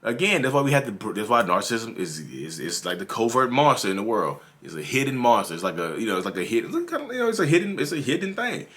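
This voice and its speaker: A man's voice: mid-range voice, very animated, fast talker, hardly any pauses, fairly bright tone. A man from North Carolina with a Southern drawl, talking earnestly and repetitively to his viewers as the host of his own channel. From North Carolina, USA. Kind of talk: casual advice monologue.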